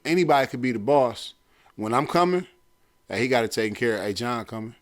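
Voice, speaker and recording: A man's voice: mid-range voice, lively intonation, brisk. A man hosting a talk show, giving blunt, streetwise advice and repeating his points for emphasis. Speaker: podcast host.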